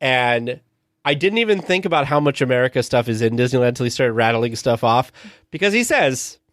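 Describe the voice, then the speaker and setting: A man co-hosting a podcast in casual chat, enthusiastic and quick to laugh. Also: mid-range voice, expressive, fairly bright tone, no room sound, clean studio sound. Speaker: podcast co-host.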